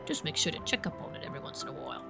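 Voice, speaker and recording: A woman's voice: very fast, pushed and bright, soft background music, natural voice. A woman voicing Wilfred, a kindly older male animal who runs a fish store in a farming game, with a folksy, encouraging way of talking. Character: gruff older male fox-like fishmonger, kindly.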